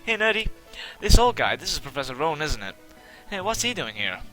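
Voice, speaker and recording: Cast: man playing a brash young game rival, pitched up, bright and pushy. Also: faint music behind. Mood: curious. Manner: pushy, rushed, excitable. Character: brash impatient young male rival trainer.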